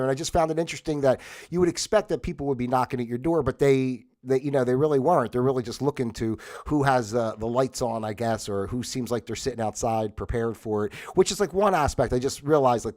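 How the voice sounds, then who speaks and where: A man's voice: mid-range voice, fairly quick, a little mellow. A middle-aged man from New Jersey hosting a livestream, telling a rambling story with lots of fillers and some mild swearing. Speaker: livestream host. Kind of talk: casual livestream monologue.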